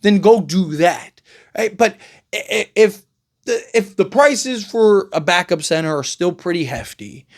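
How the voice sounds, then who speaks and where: A man's voice: sits high, expressive, a little slow. A man hosting a casual basketball commentary show, talking conversationally with frequent restarts, fillers and rhetorical "right?" tags. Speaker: sports podcast host.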